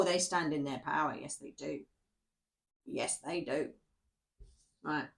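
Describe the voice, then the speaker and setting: A woman giving a casual tarot reading to camera, chatty and rambling, who keeps checking in with "yeah?". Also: mid-range voice. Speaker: tarot reader.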